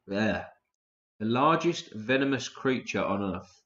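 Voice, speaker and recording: A man's voice: lowish voice, a little slow, long pauses, fairly bright tone. Tired, swearing man on stream. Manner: loose, profane, chatty. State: tired, yawning. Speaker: livestream host. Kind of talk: casual live stream chat. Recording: roomy, dull lo-fi stream audio.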